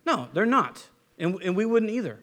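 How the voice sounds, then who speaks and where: A man preaching a sermon in a conversational way, asking his listeners rhetorical questions and swinging from animated to quiet and low. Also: normal speed. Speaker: pastor.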